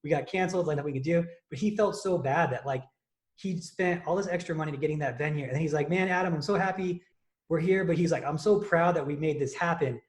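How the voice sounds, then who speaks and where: Podcast host, male, young adult, fairly high voice, animated and rambling. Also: fast talker. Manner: animated storytelling, many fillers and restarts. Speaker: podcast host and contest prep coach. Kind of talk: casual chat.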